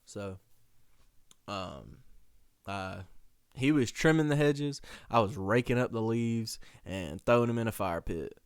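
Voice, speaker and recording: Young male podcast host, animated and slangy, with a smooth tone and close, dry mic sound. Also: fairly low pitch, slow pace, long pauses, dry recording. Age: young adult. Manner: animated, slangy, laughs often. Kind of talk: casual storytelling.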